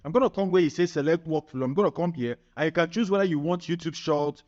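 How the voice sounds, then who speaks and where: A man presenting a screen-recorded software tutorial, upbeat and chatty, often checking in with the viewer. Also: fairly high pitch, quick pace. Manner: upbeat, chatty, keeps asking "right?". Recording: muffled lo-fi sound.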